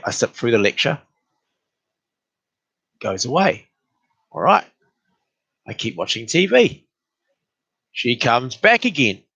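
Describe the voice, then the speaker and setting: Man, casual exasperated storytelling, very lively pitch, dry close sound. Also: slightly rough, no room sound, muffled recording. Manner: animated, exasperated retelling with rising pitch.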